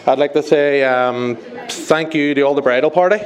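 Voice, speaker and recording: A man's voice: on the high side, fairly even intonation, normal speed. A young man giving a best man speech, apologetic and joking, laughing along with the guests. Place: wedding reception hall. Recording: crowded reception hall with loud chatter and laughter. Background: laughing, chattering guests.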